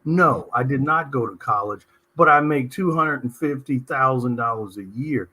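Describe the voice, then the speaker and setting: Guy playing a proud self-made tradesman, casual, husky and punchy. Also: medium pitch, normal speed, pushed and bright.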